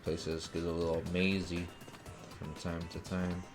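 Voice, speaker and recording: A man's voice: sits low, flat delivery, measured pace, music in the background. A man streaming a video game, talking casually and muttering to himself as he plays. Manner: laid-back, muttering to himself. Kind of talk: casual gameplay commentary.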